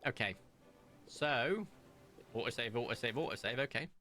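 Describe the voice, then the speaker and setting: A man's voice: mid-range voice, moderate pace, soft background music. A young man chatting casually while streaming a video game, rambling through stories and comments as he plays. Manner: chatty, rambling, animated storytelling.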